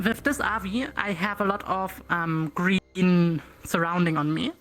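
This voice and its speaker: A woman's voice: fairly low pitch, measured pace, a bit bright. A German woman speaking English with a German accent, chatting casually and hesitantly, giggling often. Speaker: fellow streamer. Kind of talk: casual chat.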